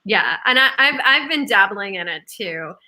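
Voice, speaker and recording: A woman's voice: mid-range voice, animated, normal speed, sharp tone. A woman co-hosting a podcast, chatting casually and asking her guest questions. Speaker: podcast co-host. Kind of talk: casual chat.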